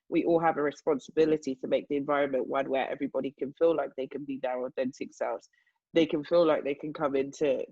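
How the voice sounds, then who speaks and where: A woman's voice: low voice, a little mellow, breathy edge, dry recording, muffled recording. A young woman speaking on a video call panel, reflective and thinking aloud with many fillers. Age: young adult. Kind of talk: casual panel talk.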